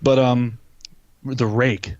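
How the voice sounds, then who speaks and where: A young man chatting on a casual podcast with plenty of swearing, and he gets animated when he tells a story. His voice sits at a middle pitch. The recording is dry and a little dull, with a lo-fi podcast mic. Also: very slow, no room sound. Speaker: podcast co-host. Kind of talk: casual chat.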